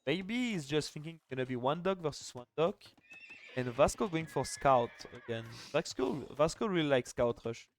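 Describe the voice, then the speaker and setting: A man's voice: on the high side, animated, moderate pace, a little hiss or hum. A young man casting a live strategy game final, chatty and joking, with lots of "like" fillers. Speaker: esports caster.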